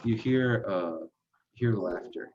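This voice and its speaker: A man narrating as game master of a tabletop game, halting, with frequent pauses and fillers. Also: fairly low pitch, a little mellow, a little hiss or hum. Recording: dull lo-fi recording.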